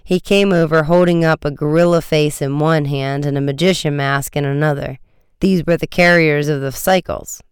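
Audiobook narrator, silky-clean voice, dry booth sound, lively storytelling. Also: medium pitch, smooth, no echo. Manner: brisk, vivid storytelling with raised shouts for dialogue.

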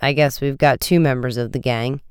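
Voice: mid-range voice, steady tone, normal speed, clear, resonant tone, dry recording, studio quality, close to an everyday voice. A narrator voicing a male policeman who reports what he found in a matter-of-fact way. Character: male policeman examining evidence.

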